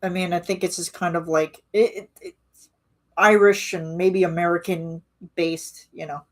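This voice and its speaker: Chatty woman, low-pitched. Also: fairly even intonation, normal speed. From Canada. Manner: rambling, chatty, frequent restarts and fillers. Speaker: streamer chatting with viewers. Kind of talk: casual live-stream chat.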